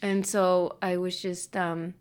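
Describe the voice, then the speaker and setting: A woman's voice: lowish voice, little pitch movement, slow pace, clear, resonant tone. A woman hosting a podcast, chatty and self-mocking, often laughing in casual talk. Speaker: podcast host.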